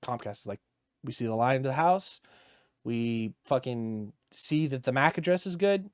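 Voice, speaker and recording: A man co-hosting a gaming podcast, telling a story in an animated, profane rant. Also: medium pitch, moderate pace, dry recording, clean studio sound. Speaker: podcast co-host. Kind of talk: casual podcast chat.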